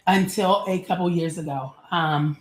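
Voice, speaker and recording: Brief: a chatty, candid woman in her forties, lowish voice, recorded in an echoey room. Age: 40s. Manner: candid, chatty, laughs often, casual slang. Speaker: vlogger. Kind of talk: personal reflective monologue.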